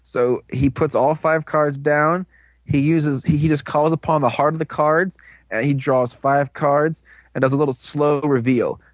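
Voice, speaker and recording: A man in casual chat, animatedly recapping a show and tossing in quick voiced quotes between laughs. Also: on the high side, steady tone, no echo.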